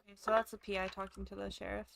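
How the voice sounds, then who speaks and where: A woman gives excitable let's play commentary with the hiccups, thinking aloud as she plays. Her pitch sits at a middle height. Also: racing, vocal fry, noisy background. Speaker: gamer.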